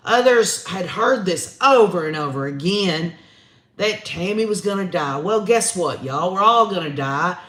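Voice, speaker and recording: A man's voice: very high voice, pushed and bright. A man hosting a true crime live stream, reading viewer comments aloud in a folksy, chatty way. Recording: roomy echo.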